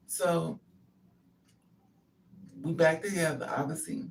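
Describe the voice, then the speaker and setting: A woman's voice: low voice, unhurried, vocal fry, long pauses, distant mic, a little hiss or hum. A woman vlogger telling a personal story in a blunt, profane, casual way, laughing between lines.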